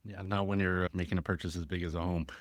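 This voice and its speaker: A man hosts a talk segment, easygoing and inviting his guests to share stories. His voice is very deep, and the sound is dry and close. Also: little pitch movement, fast, no echo. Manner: easygoing, hands the floor to guests. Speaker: show host.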